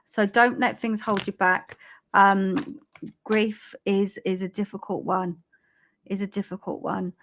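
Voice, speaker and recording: A British woman giving live spiritual readings on a stream, speaking gently with many ums and restarts. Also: medium pitch, little pitch movement, a little hiss or hum. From Britain. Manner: halting, full of ums and restarts, gentle and soothing. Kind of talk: live-stream psychic reading, casual and chatty.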